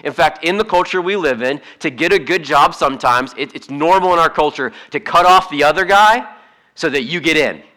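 A man preaching a sermon in a conversational, humorous way, swinging between hushed asides and emphatic points. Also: on the high side, brisk. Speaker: pastor.

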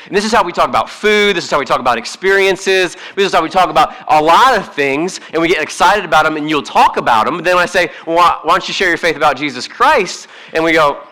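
A man delivers a sermon in a relaxed, conversational style. His voice sits a little high and sounds bright, and he keeps it animated by acting out the people he describes. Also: quick pace, few pauses. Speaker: pastor. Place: church hall.

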